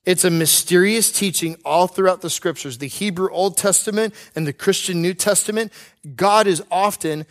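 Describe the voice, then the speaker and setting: A male pastor delivers a conversational sermon in a voice sitting a little higher than most men's. He is earnest and personal, drops in light humor, and slows right down to press home his main points.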